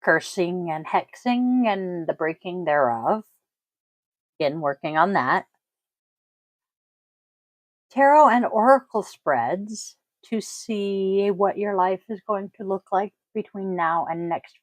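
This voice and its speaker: Slow-talking woman podcast host. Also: fairly low pitch, animated, no echo, low-quality recording. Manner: deliberate, stresses key words, frequent ums. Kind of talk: casual solo podcast talk.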